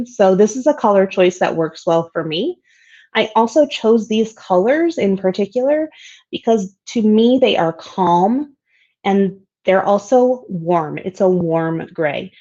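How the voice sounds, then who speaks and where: A woman's voice: lowish voice, darkish tone. A woman walks through design principles in a recorded slide presentation. She sounds upbeat and conversational and leans on each key term. The recording is slightly dull and lo-fi.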